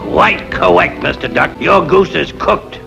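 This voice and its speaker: A man voicing a smug, slow-talking hunter in an old cartoon. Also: sits high, vocal fry, music in the background, heavily acted. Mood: gloating.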